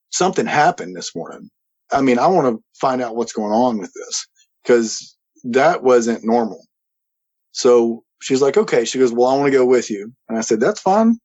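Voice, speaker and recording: A man telling a story in a casual, animated way as a guest, acting out the quoted voices and chuckling now and then. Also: mid-range voice, husky. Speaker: guest recounting a paranormal experience. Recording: slightly dull lo-fi audio.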